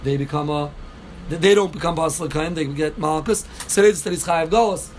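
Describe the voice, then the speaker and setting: A man's voice: on the high side, brisk, darkish tone, slight background noise. A man teaching a daily Talmud class, explaining step by step, repeating key phrases and answering students' questions.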